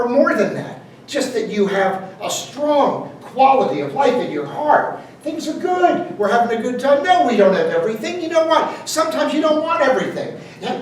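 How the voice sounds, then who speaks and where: A man's voice: very high voice, slight background noise. A man giving a jokey, conversational motivational speech to a live audience, quizzing the crowd as he goes. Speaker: motivational speaker. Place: event hall with audience. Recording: echoey room, distant mic.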